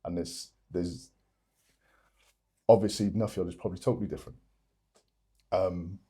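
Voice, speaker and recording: A man's voice: sits low, steady tone, normal speed, mellow, slightly rough. A man who is a podcast guest, telling stories in a rambling, self-correcting way. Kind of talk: casual storytelling.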